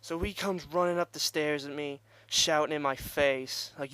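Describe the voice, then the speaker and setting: A man's voice: on the high side, steady tone, normal speed, few pauses, pushed and bright, clear, resonant tone. Rambling, swearing young man. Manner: rambling, profane, laughs at himself. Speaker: vlogger. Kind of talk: casual storytelling.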